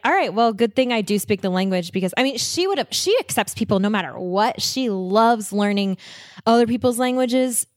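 A woman's voice: mid-range voice, no echo, studio quality. A woman guest on a podcast, chatting enthusiastically about travel and laughing often. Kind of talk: casual interview chat.

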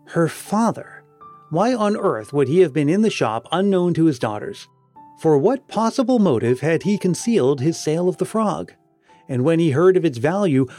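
A man reading a story aloud as narrator, in a measured way that slows for emphasis. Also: fairly high pitch, warm tone. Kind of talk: audiobook narration.

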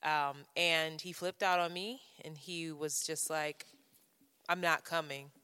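Low-voiced woman telling a frank story. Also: steady tone, measured pace, bright, forceful tone, clean tone, in a large hall. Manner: frank, profane, self-interrupting. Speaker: podcast co-host. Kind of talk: candid personal storytelling.

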